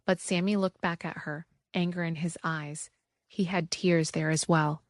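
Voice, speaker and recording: A woman narrating an audiobook thriller in a steady, measured way. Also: lowish voice, dry recording, clean studio sound.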